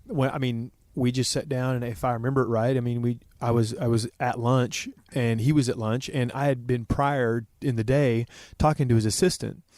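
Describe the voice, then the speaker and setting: A man's voice: medium pitch, steady tone, moderate pace, hardly any pauses, darkish tone, dry recording, clean studio sound. A man from Oklahoma with a Southern accent, a guest on a podcast, rambling through a casual story with many restarts.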